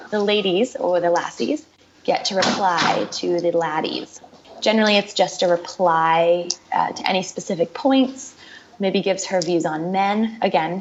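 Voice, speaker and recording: A woman's voice: lowish voice, a little hiss or hum. A woman guest in a casual interview, explaining things in a chatty way with frequent repeats. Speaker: podcast guest. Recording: dull lo-fi sound.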